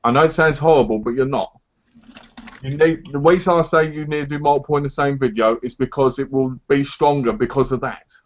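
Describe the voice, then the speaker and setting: A man's voice: medium pitch, fairly even intonation, a little fast. A man co-hosting a casual live chat, giving blunt, insistent advice in a lecturing tone. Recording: dull lo-fi stream audio.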